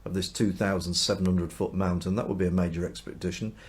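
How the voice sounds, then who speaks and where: A man's voice: deep voice, fairly even intonation, quick pace. A man teaching the Bible in a chatty way, reading aloud and acting out the dialogue in everyday speech. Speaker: minister.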